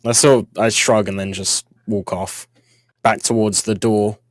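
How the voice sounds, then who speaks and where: A British man playing a tabletop game, halting and repeating his words. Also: on the low side, level tone, no echo. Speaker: player. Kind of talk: casual tabletop role-play.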